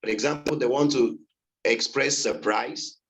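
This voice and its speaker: A man's voice: medium pitch, unhurried. A Nigerian man answering in a class discussion, hesitant, with many fillers. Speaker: student.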